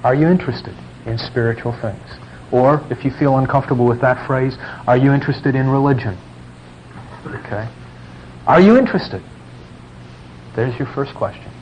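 Man teaching, lively lo-fi lecture. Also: medium pitch, moderate pace, long pauses. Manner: conversational, acts out sample dialogues with rising emphasis. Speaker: pastor teaching evangelism. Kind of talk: lecture to a class. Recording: dull lo-fi recording with faint noise.

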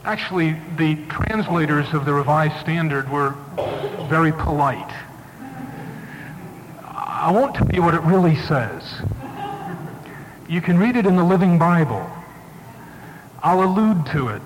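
A man's voice: on the high side, lively intonation, measured pace, long pauses, in a large hall, a little hiss or hum, rough recording. A male preacher giving a sermon and retelling a story with dramatic emphasis.

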